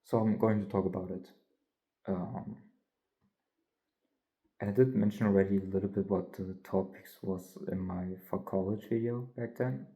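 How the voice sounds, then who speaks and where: A man's voice: low voice, steady tone, moderate pace, long pauses, mellow, poor audio. A young man, a college student, talking candidly in a rambling, filler-heavy way with some yawning. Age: young adult. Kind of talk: casual vlog monologue.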